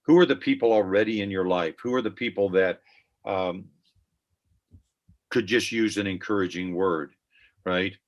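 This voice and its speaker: A man's voice: deep voice, moderate pace, long pauses, highs cut off. An older man speaking as a guest on a ministry podcast, earnest and reflective, telling personal stories in a conversational way.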